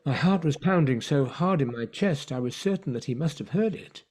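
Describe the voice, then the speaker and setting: A man narrating a story in an online play reading, measured and hushed. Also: a little high, animated.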